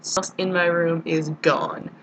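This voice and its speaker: A woman's voice: fairly low pitch, fairly even intonation, slow, a little hiss or hum, poor audio. A young woman from the United States, chatting casually in a rambling, giggly video diary to a friend. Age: young adult. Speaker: vlogger.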